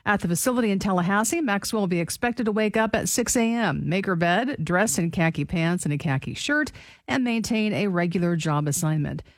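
A woman co-hosting a talk radio show, bantering dryly and then reading news reports in a steady way. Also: mid-range voice, brisk, no room sound. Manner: dry, reluctant, steady reading. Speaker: radio co-host and news reader.

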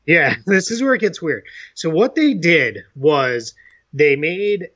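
A man's voice: on the high side, very animated, slow pace, a bit bright. Man breaking down contract details. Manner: explains contract details step by step. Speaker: podcast co-host. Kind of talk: casual podcast chat. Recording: dull lo-fi sound.

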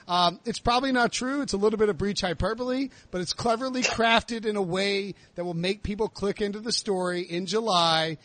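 A man hosting a podcast, telling a story in casual chat and acting out the shouted lines. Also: sits high, no room sound. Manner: animated storyteller, acts out shouted quotes. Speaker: podcast host.

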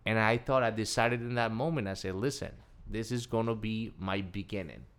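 A man, a guest on an interview show, recounts his story with growing excitement and slips into the voices of the people he quotes. His voice sits a little on the low side. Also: moderate pace. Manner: excitable, acts out quoted dialogue. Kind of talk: animated personal storytelling.

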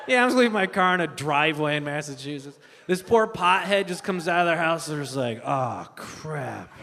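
A man doing a stand-up comedy set, telling a story with animated, loud impressions of his family. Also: a little high, brisk, in a large hall. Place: live stage before an audience.

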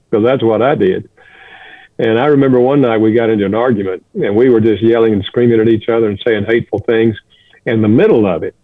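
An older man, a guest counselor, telling a personal story in an earnest, gentle way. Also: medium pitch, no echo. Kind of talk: reflective storytelling. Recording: dry, phone-like line.

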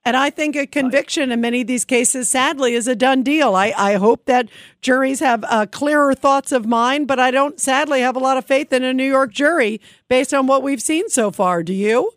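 A woman's voice: high-pitched, moderate pace, no echo, studio quality. A woman hosting a political call-in radio show, emphatic and opinionated, often stumbling over her first word. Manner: emphatic and opinionated, with frequent stutter-starts. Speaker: radio talk show host.

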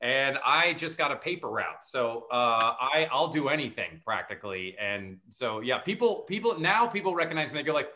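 A man's voice: mid-range voice, expressive, moderate pace, hardly any pauses, bright, forceful tone. A man who is an actor and comedian, chatting as a guest with a joking, self-mocking manner. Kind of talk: casual chat.

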